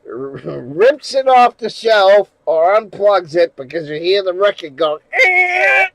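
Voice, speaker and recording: A man live streaming in casual chat, rambling and swearing, going from mumbles to loud rants. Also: high voice, lively intonation, unhurried, slight background noise, low-quality recording. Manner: rambling, profane, shifts from mumbling to loud ranting.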